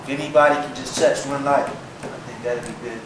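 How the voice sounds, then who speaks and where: A man speaking up casually at a community meeting, with some halting fillers. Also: medium pitch, fairly even intonation, very noisy. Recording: echoey room from far off.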